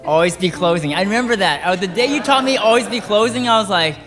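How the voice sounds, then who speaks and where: Groom's toast, man with a raised voice, relaxed and joking, long hall reverb. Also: high-pitched, fast talker, over music. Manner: relaxed, joking, with many fillers. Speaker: groom giving a wedding toast. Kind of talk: casual wedding speech. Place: large reception hall.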